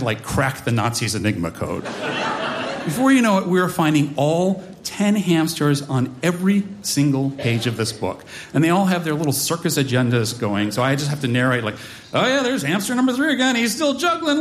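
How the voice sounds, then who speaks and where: A man in his forties telling a wry, animated personal story on stage to a live audience, with mock-dramatic asides. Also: on the high side, background noise.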